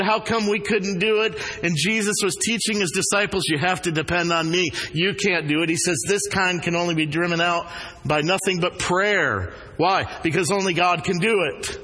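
A man's voice: on the high side, sharp tone. A man preaching a sermon as pastor, with an earnest, repeating cadence, in a church. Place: church sanctuary. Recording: long reverb of a hall.

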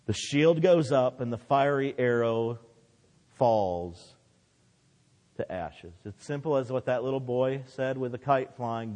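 A man's voice: medium pitch, expressive, slow, darkish tone, long reverb tail. A man preaching a sermon with impassioned delivery, his voice rising and dropping for emphasis.

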